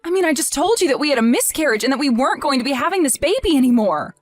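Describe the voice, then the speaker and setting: A woman's voice: high voice, very animated, rapid-fire, faint music behind. A woman voicing a distraught young wife, emotional and pleading. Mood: hurt. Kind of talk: voiced text-message drama.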